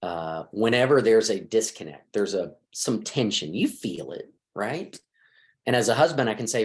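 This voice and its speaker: A man's voice: on the low side, moderate pace. A middle-aged man, a marriage counselor, giving advice in a conversational interview and acting out bits of dialogue as he talks. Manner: lively, acts out quoted dialogue.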